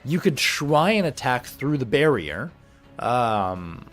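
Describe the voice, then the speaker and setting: A man running a tabletop game as game master, chatty and animated, often laughing as he talks through the rules. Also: mid-range voice, takes it slowly, faint music behind.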